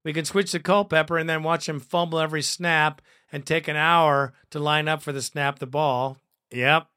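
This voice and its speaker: A man hosting a fan podcast, reading listener comments aloud in a profane, excitable way and laughing often. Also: on the high side, moderate pace, smooth, no room sound, studio quality.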